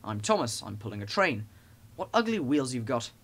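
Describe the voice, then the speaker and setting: A man's voice: medium pitch, sing-song, moderate pace, fairly bright tone. A man voicing a cheeky, impatient little tank engine in a storybook reading. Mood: huffy. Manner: huffy, eager.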